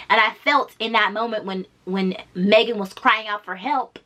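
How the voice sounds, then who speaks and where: A woman's voice: fairly high pitch, lively intonation, moderate pace, few pauses, fairly bright tone. A woman vlogger giving casual reaction commentary, blunt and emphatic, swearing freely and repeating her points.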